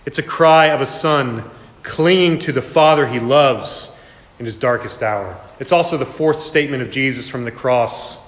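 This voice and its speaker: A man's voice: mid-range voice, normal speed, a bit bright. Preaching man in an echoey church. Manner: earnest preaching, acts out mocking voices. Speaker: pastor. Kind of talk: sermon. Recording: echoey hall with long reverb.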